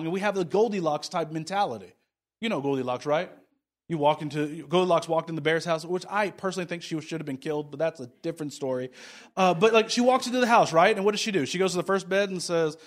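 A man preaching a sermon in a conversational way, repeating key phrases for emphasis and dropping into quiet asides. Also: on the high side, quick pace. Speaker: pastor.

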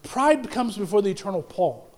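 A man. He swings between loud, pressing declarations and low, hushed lines, and he often stumbles and restarts mid-sentence. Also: big pitch swings, normal speed. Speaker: pastor. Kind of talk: sermon.

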